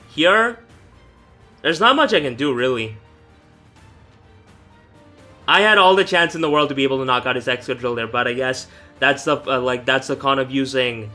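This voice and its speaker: Medium-pitched, pushed and bright at a moderate pace, a young gaming YouTuber rambles through live commentary on his competitive match. He corrects himself often and swears casually over faint background music.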